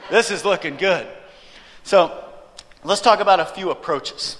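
A male preacher telling a story in a sermon, animated and joking with the audience. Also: high voice, normal speed. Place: church hall, before an audience. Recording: reverberant hall.

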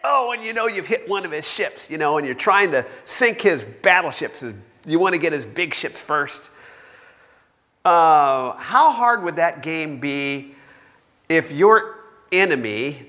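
Animated preacher man in an echoey hall. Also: fairly high pitch, a little slow. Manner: animated storytelling, acts out quoted voices. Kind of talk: sermon.

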